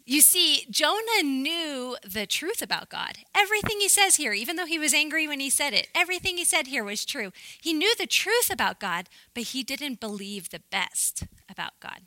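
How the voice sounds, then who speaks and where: Woman teaching the bible to ladies, bright tense voice, kinda high, dry sound. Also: moderate pace, hardly any pauses, no room sound, poor audio. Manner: earnest, animated, laughs often. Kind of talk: women's ministry teaching.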